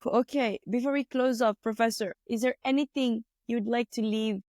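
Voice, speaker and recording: A woman's voice: a little high, steady tone, normal speed, a little mellow, no room sound, studio quality. Effusive woman hosting a podcast. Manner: effusive and affirming, inspirational sign-off. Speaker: podcast host. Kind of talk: closing a podcast interview.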